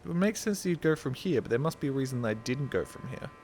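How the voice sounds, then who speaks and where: A male game streamer chatting through his play in a loose, rambling way, dropping swears and joking asides. His voice sits at an ordinary middle pitch, and a steady noise hums behind it. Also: fast talker. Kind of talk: casual live-stream gaming commentary.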